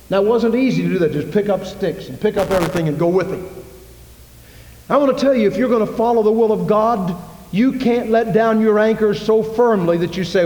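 High-voiced preacher in an echoey church. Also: male voice, brisk, darkish tone. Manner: emphatic, rhetorical questions to the congregation. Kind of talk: sermon. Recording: echoey hall reverb.

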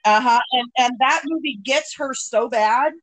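A woman hosting a podcast in casual chat, talking in a relaxed, drawn-out way. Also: high voice, low-quality recording. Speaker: podcast host.

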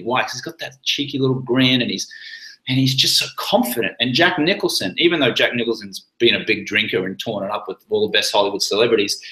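Lively male coach, talks casually, acts out example lines, roomy echo. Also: medium pitch. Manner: animated, acts out sample lines in different tones. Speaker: sobriety coach.

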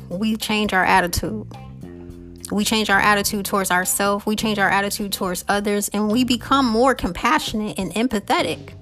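A woman's voice: medium pitch, fairly bright tone. Earnest woman giving a faith-based talk. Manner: earnest, keeps checking in with the listener. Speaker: podcast host. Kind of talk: faith-based motivational monologue.

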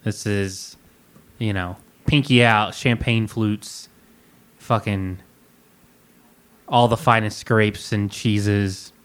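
Male podcast co-host, playful mock-fancy announcer, smooth clear voice. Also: on the low side, steady tone, slow pace, long pauses, fairly bright tone. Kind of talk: casual comedic chat.

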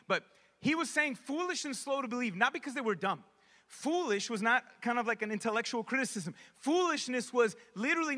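Male pastor, high bright voice, conversational preaching, long reverb of a hall. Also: lively intonation, a little fast. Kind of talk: sermon.

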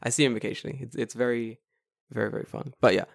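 A man's voice: medium pitch, racing, creaky, no echo, studio quality. A man in his late twenties, co-hosting a casual podcast chat, telling stories with lots of swearing and acted-out quotes. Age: 20s. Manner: animated storyteller, swears freely, acts out quotes. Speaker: podcast co-host.

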